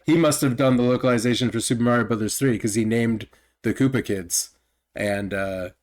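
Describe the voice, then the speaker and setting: A man's voice: mid-range voice, fairly quick. Wry man questioning his co-host. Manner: wry, asks pointed clarifying questions. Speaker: podcast co-host. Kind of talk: casual podcast chat.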